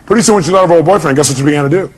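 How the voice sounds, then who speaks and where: Man, motivational speaker, emphatic, rhetorical questions, slightly high voice. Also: very fast, a little mellow. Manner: emphatic, fires rhetorical questions, blunt and salty. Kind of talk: motivational speech to a live audience.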